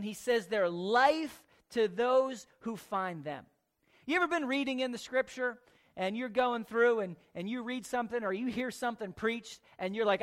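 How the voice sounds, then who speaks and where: A preacher giving a sermon, repeating key phrases with emphasis and asking rhetorical questions, moving between slow stressed words and quick asides. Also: mid-range voice.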